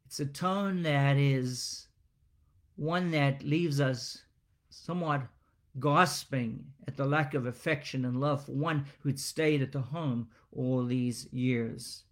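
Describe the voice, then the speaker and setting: A man preaching an expository sermon, speaking with deliberate emphasis and dramatic pauses. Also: mid-range voice.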